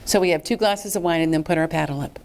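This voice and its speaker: A woman presenting a fundraising workshop to a live audience in a lively, chatty way. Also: low-pitched, fast. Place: meeting room with a live audience.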